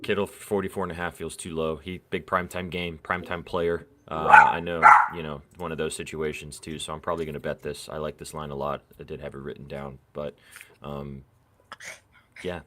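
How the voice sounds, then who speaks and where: Deep-voiced laid-back man. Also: level tone, brisk, very noisy. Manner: laid-back, loose, swears freely. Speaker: sports betting show host. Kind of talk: casual chat.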